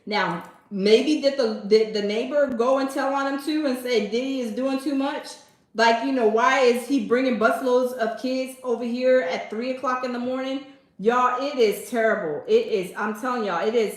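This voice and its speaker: A woman's voice: mid-range voice, reverberant, poor audio. A woman hosting a casual commentary stream, talking straight to her viewers and repeating herself for emphasis. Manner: repetitive, emphatic, addresses viewers as y'all. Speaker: commentary host.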